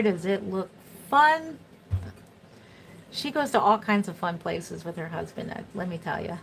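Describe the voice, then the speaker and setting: A woman's voice: mid-range voice, fairly bright tone, slight background noise, rough recording. A middle-aged woman chatting casually and rambling on a livestream as a doll artist, laughing often.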